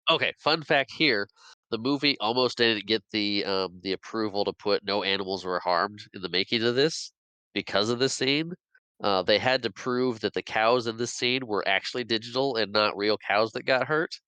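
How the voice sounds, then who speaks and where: A man's voice: fairly low pitch, normal speed, sharp tone, clear, resonant tone, dry recording, low-quality recording. A man co-hosting a podcast, rambling through a casual film recap and laughing often. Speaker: podcast co-host.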